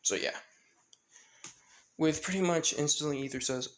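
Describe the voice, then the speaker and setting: A man's voice: on the high side, normal speed, pauses often, a bit bright. A man casually narrating a fan-fiction story, rambling with many fillers and side comments. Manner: rambling, filler-heavy asides.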